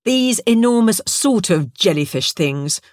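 A woman's voice: medium pitch, lively intonation, unhurried, no room sound, pitched above the performer's own voice, natural voice. A woman voicing a sardonic, adventurous woman who talks in a dry way.

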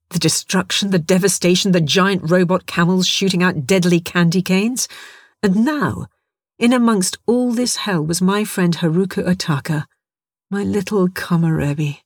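A man's voice: sits high, no room sound. Male storyteller, dry close read. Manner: vivid, darkly wry storytelling. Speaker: narrator. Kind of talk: first-person story narration.

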